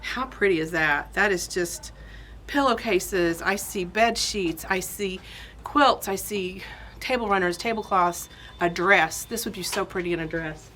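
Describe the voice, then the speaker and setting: A woman's voice: mid-range voice, a little slow, pushed and bright, a little hiss or hum. A woman hosting a casual product showcase in a fabric shop, chatty and gushing with enthusiasm. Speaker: quilt shop host.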